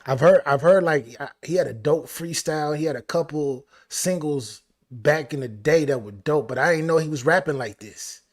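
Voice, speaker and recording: A man hosting a live album reaction stream, talking excitedly and repeating phrases. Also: on the high side, moderate pace. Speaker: music reaction host.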